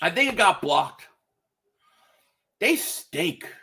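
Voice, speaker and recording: A man's voice: sits high, takes it slowly, gravelly. A man on a live stream who calls a football game play by play and chats loosely with his viewers, swearing now and then. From Philadelphia area. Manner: loose and excitable, swearing, reading chat aloud. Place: home, indoors.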